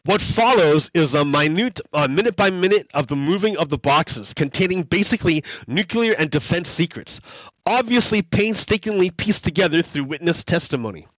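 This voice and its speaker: High-pitched american guy on a livestream, laughs a lot, repeats himself, dry slightly dull mic. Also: expressive, normal speed, a bit bright, dry recording. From United States. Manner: chatty, laughs often, repeats points. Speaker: livestream host. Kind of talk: casual livestream commentary.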